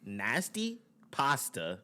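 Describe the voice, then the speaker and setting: A man's voice: medium pitch, wildly swooping pitch, extremely slow, sharp tone. A young man in his twenties, co-hosting a podcast in casual, profane, laughing banter. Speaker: podcast co-host.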